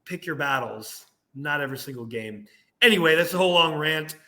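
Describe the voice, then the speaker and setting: Animated, bright-voiced young man ranting. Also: fairly high pitch, brisk. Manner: animated, ranting, laughs at himself. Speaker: podcast co-host. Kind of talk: casual sports chat.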